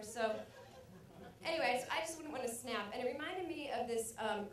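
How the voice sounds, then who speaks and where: A young woman rambles through a stand-up set, mocking herself and breaking into loud acted outbursts. Her voice sits a little high. She is heard from a distance in an echoey club. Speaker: stand-up comedian. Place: comedy club stage. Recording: echoey club recording from afar.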